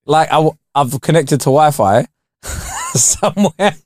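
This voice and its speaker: Brief: young male co-host, high and animated, slangy and giggly, dry close mic. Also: unhurried, no room sound. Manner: laughs a lot, loose slangy storytelling. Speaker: podcast co-host. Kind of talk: casual chat.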